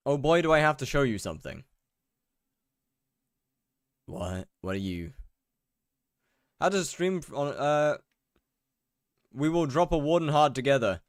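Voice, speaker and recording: A man's voice: fairly high pitch, lively intonation, a little slow, pauses often, no echo. Young man, game streamer, chatty and rambling, voice swings up and down, dry close sound. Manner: greets chat viewers one by one, rambling and chatty. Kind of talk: casual live-stream chat while gaming.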